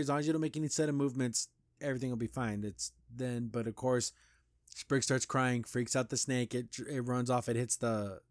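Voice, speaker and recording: Male podcast host, mid-pitched, chatty rambling recap, dry close mic. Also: no room sound. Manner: loose retelling with frequent "like" and restarts. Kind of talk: casual episode recap.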